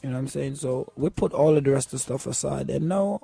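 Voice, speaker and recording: A man's voice: medium pitch, fast talker, creaky, mellow, slightly rough, dry recording, soft background music. A man with a Jamaican accent, a musician guest telling his story in a laid-back way, often asking "you know what I'm saying". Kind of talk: casual interview talk.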